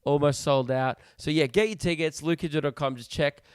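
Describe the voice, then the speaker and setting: Smooth-voiced Australian man, chatty podcaster. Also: on the high side, dry recording, studio quality. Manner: chatty, joking, brisk self-promotion. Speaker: podcast co-host, touring comedian. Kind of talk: casual podcast chat.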